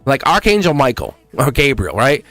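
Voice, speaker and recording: A man's voice: mid-range voice, big pitch swings, normal speed, a bit bright, no room sound, faint music behind. A middle-aged man hosting a live tarot stream in casual chat, rambling, laughing often and saying "like" constantly. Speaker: tarot reader and livestream host.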